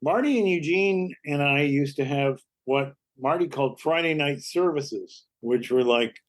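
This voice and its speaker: Older man telling lively stories. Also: on the high side, measured pace. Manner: lively anecdotal storytelling, acts out quoted voices. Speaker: comedy actor and writer, guest. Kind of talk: storytelling interview.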